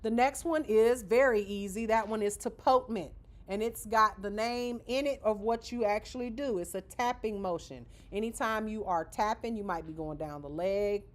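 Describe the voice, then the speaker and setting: Speaking at a normal speed in a mid-range voice, a woman teaches beginners to manicure in a live class. As a nail school instructor, she stays casual and chatty, showing techniques with her hands and tacking "okay?" onto nearly every point.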